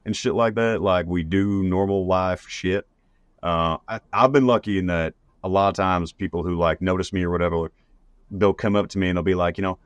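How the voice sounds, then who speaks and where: A man's voice: low voice, steady tone, a little fast, clear, resonant tone, dry recording. A man hosting a podcast, talking in a laid-back way, swearing freely and voicing the quotes. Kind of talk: casual podcast chat.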